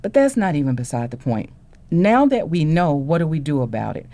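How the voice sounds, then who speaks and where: Woman, lower voice, very lively pitch, parent on a panel, storytelling with acted-out dialogue. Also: fairly quick, no room sound. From Houston, Texas. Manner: animated storytelling, acts out dialogue.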